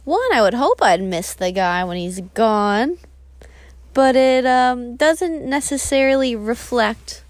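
A woman's voice: a little high, darkish tone, dry recording. A young woman hosting a podcast, sharing personal feelings in a candid, rambling monologue with restarts. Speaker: podcast host.

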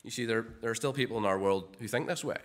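A man's voice: mid-range voice, fast talker. A man preaching a sermon in a conversational way, often repeating words and asking rhetorical questions.

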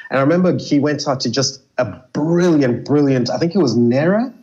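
A man's voice: a little high, brisk, a little mellow. A man from Zimbabwe, telling stories as an interview guest in a casual, chatty way, often saying "you know". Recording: slightly dull lo-fi audio.

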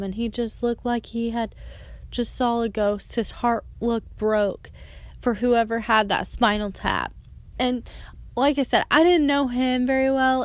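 A young woman sharing a personal faith testimony in casual, earnest storytelling, her speech full of "like" and "and so". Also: fairly high pitch. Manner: earnest and emotional, with frequent "like" and "and so".

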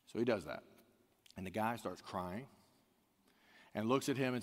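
A man's voice: medium pitch, sing-song, normal speed, pauses often, a bit bright. A man preaching a sermon, telling a story in a conversational way and calling out to the congregation. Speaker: pastor. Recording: long hall reverb.

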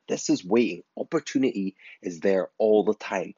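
Blunt, husky-voiced male podcast host. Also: fairly low pitch, animated, normal speed, dark tone, no echo. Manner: blunt, earnest, swears casually. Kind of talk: motivational monologue. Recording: dry, dull lo-fi recording.

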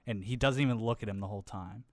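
A man's voice: fairly low pitch, quick pace, dry recording. A young man talking casually and rambling, with many fillers and plenty of swearing. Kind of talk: casual chat.

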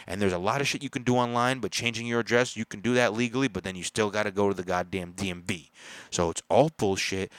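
A man telling a story in an angry, profane rant, getting loud and exasperated as he complains. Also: lowish voice, no echo.

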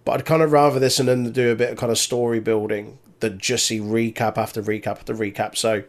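A man chatting casually as a podcast co-host, animated, laughing often and swearing. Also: mid-range voice, fast talker. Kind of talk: casual chat recapping a wrestling show.

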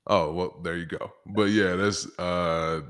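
A man's voice: sits low, fairly even intonation, slow, fairly bright tone, clean tone. A man guesting on a podcast as a musician, talking bluntly with dry jokes and no patience for small talk. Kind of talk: casual interview chat.

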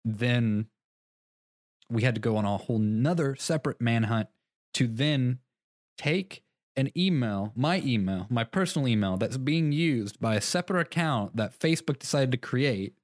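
A man's voice: medium pitch, animated, normal speed, dry recording, studio quality. A young man co-hosting a podcast in casual chat, rambling through a story, laughing at himself often. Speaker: podcast co-host.

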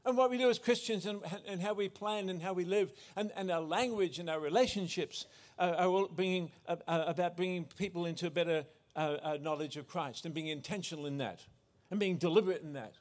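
A man's voice: high voice, fairly quick, hardly any pauses. A man preaching a sermon as pastor, earnest, often restarting and correcting himself.

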